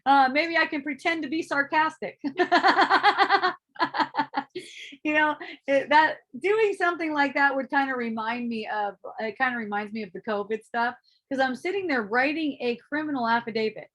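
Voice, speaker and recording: High-voiced woman giving a casual spiritual talk. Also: normal speed. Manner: animated, swearing, acting out her own inner voices, laughing often. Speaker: spiritual teacher.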